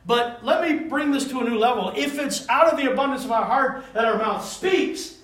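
A man preaching a conversational sermon to a small group. He talks in an animated, rambling way and keeps asking the listeners for answers. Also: extremely high pitch, moderate pace. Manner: animated, rambling, calls for responses. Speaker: pastor. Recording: roomy room, voice from a distance.

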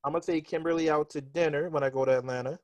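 A man co-hosting a casual podcast, talking in an animated, joking way and laughing often. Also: a little high, racing, no room sound. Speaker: podcast co-host.

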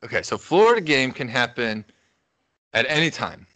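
A man's voice: mid-range voice, very animated, moderate pace, bright, forceful tone, no echo. A young man casually telling a crude, rambling story on a podcast, laughing as he goes. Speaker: podcast co-host.

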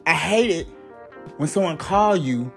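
Over soft background music, a vlogger rants comedically to the camera in an animated, gravelly, slightly high voice at a measured pace. The rant is profane and mock-outraged, and he keeps returning to a catchphrase between bits.

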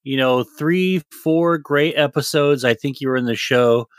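A man's voice: medium pitch, unhurried, no room sound, clean studio sound. A man co-hosting a podcast, talking casually, rambling and swearing a lot. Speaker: podcast co-host. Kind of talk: casual chat.

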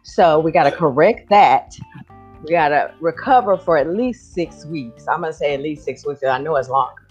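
A woman with a lowish voice hosts a casual podcast chat. She talks in an encouraging way and keeps stopping to hunt for the right word. The sound is dull and lo-fi, with faint music underneath. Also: normal speed, darkish tone, husky. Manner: encouraging, searching for words. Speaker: podcast host.

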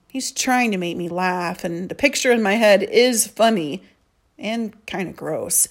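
A woman narrating a children's story in the first person, in a soft, earnest way. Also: medium pitch, animated, measured pace. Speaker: audiobook narrator.

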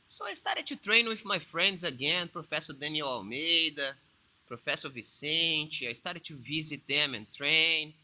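A man, a jiu-jitsu instructor and English speaker, telling his own story in a halting way, often repeating words. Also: fairly high pitch, animated, bright, forceful tone. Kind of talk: casual personal storytelling.

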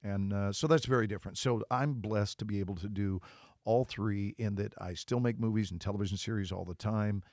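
An older man, an actor guest, chatting in a lowish voice. He tells stories with animation and sometimes slips into other voices. His sound is dry and close. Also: brisk, darkish tone, no room sound. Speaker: actor and inspirational speaker, guest. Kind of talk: casual interview chat.

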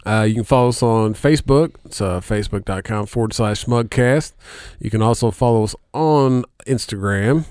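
A man's voice: on the low side, normal speed, few pauses, darkish tone, clear, resonant tone, dry recording. Laid-back podcast host man, dry close mic. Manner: laughs often, loose and profane, fills with "uh". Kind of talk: casual podcast chat.

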